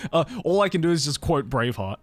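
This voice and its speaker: Young Aussie streamer, expressive swinging delivery, laughs a lot, casual swearing, dry close mic. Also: male voice, on the high side, dry recording. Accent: mild Australian. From Australia. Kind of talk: casual chat with viewers. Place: home stream room in Tokyo.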